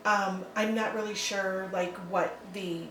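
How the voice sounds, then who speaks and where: A middle-aged woman talking in a relaxed, rambling way, filling her pauses with ums and little laughs. She sits away from the microphone, so her voice carries a roomy echo. A faint hum of ambience sits behind her. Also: medium pitch, recorded from a distance. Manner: rambling, hesitant, many ums and likes, laughs often. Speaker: adoptive mother, interview guest. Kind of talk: casual interview.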